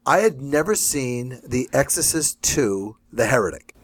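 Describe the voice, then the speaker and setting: A man co-hosting a casual podcast, talking in quick, jokey banter about movies and songs. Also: mid-range voice, expressive, slightly rough. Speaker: podcast co-host. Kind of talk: casual chat.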